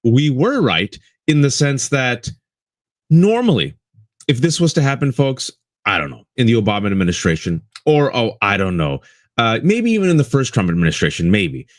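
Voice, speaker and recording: A man co-hosts a live political talk show, offering impassioned commentary, addressing listeners as folks and repeating lines for emphasis. His medium-pitched voice swings widely in pitch at a normal speed, captured in clean studio sound with no room noise.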